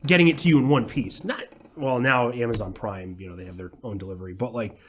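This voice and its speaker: A man's voice: mid-range voice, fast, hardly any pauses. A young man co-hosting a casual podcast, ranting sarcastically and swearing freely. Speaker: podcast co-host. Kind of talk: casual chat.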